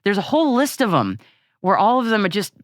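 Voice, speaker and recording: Animated woman co-hosting a podcast. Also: medium pitch, fairly quick, no echo, clean studio sound. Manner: animated, laughs often, many restarts. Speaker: podcast co-host. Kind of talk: casual chat.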